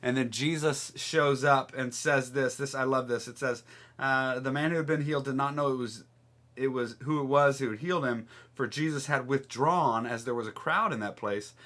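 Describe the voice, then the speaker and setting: A man preaching a short sermon, retelling a Bible story in a lively way, acting out the quotes and laughing often. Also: medium pitch, normal speed. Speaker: pastor.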